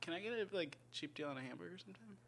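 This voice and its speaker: Brief: laid-back co-host, slacker jokes, mid-pitch, casual. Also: lively intonation, very fast, creaky, a crowd in the background. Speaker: podcast co-host. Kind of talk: casual comedic chat.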